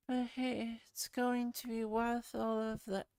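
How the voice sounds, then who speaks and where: A woman's voice: a little high, a little mellow, clear, resonant tone, no room sound. A sleepy woman streamer chatting casually with her chat, giggling and rambling as she laughs at herself. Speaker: VRChat streamer.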